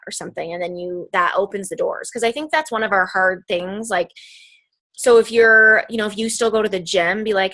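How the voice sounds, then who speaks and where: Young woman, team coach on a call, casual and talkative, filler-heavy, quick asides. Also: mid-range voice, bright, forceful tone. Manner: chatty, peppered with "like" and "um", fast tangents. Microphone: phone or computer call mic.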